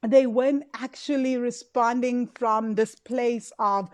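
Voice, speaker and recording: A woman's voice: a little high, steady tone, takes it slowly, darkish tone. A woman hosting a solo podcast, talking in an emotive, chatty way with many tag questions. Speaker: podcast host and money coach. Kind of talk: casual solo podcast talk.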